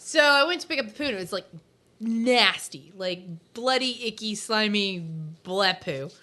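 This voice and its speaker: A woman co-hosts a casual podcast, chatting and reading strange news stories aloud. She tells them in a giggly, animated way. Her voice is bright, and her pitch swings widely. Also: moderate pace. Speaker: podcast co-host.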